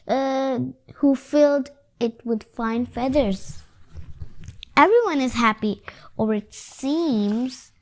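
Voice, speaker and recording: A woman reading a picture book aloud to children, stopping to explain it with halting asides and fillers. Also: high-pitched. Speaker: storyteller.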